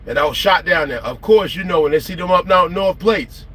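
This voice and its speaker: High-pitched, brisk, and a touch rough, this trucker vlogger from South Carolina tells animated, slang-heavy stories with lots of emphasis during a late-night trucking livestream.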